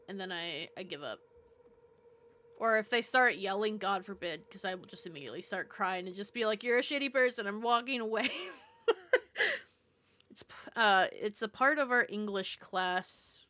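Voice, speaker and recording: Streaming as she builds in a game, a young woman chats in a rambling, self-deprecating way and swears freely. Her medium-pitched voice is bright and forceful, with faint game music in the background.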